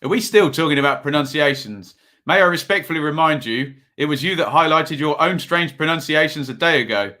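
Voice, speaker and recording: A man's voice: on the high side, expressive, brisk, bright, forceful tone. A man from Ipswich hosting a casual football livestream, chatting with viewers and calling scores in a rambling way full of ums. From Ipswich, England. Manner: chatty, rambling, reads chat aloud, many ums. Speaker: livestream host. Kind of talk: casual live football commentary and chat.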